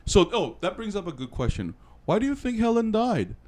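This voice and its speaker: A man co-hosting a casual review chat, excitable and rambling, teasing his co-host and swearing. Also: sits high, a little fast, slight background noise. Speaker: podcast co-host and film reviewer.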